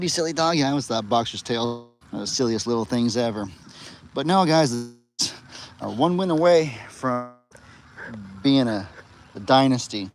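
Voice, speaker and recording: A young man chatting casually on a live stream, cooing at animals in a high voice and calling out to them loudly. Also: lively intonation, normal speed, pauses often. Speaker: farm livestream host. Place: outdoors on a farm among animals.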